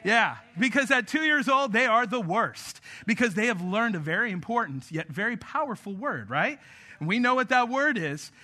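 A man's voice: high-pitched, lively intonation, normal speed, pushed and bright. A man in his thirties preaching a sermon, talking with the congregation in a conversational, joking way. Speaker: pastor.

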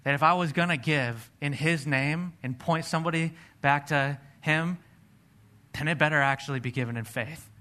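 A man's voice: fairly high pitch, moderate pace, pushed and bright. A man preaching a sermon, telling a personal testimony in an earnest storytelling way. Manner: earnest storytelling, acts out his own past dialogue.

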